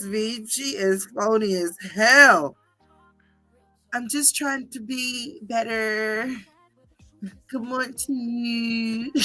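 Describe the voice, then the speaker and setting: A woman hosting a livestream, gossiping and reading chat in a loud, profane, laughing manner. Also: medium pitch. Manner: animated, profane, laughing often. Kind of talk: casual gossip commentary.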